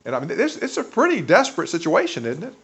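A man's voice: fairly high pitch, wildly swooping pitch, fast talker, gravelly, a bit bright. A man preaching a sermon in a conversational way, asking the listeners rhetorical questions. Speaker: pastor. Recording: dull lo-fi recording.

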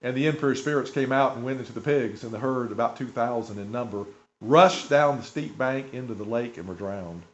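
This pastor talks a little fast at medium pitch, preaching conversationally and asking rhetorical questions of those listening. The sound quality is dull and lo-fi.

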